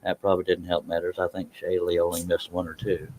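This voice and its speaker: A man with a deep, calm, soothing voice talks casually on a live stream as he works on a woodworking project. He is relaxed and self-deprecating, tossing in little jokes at his own expense, over a faint bit of background noise. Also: fast. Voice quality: low, soothing voice. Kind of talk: casual live-stream chat while working.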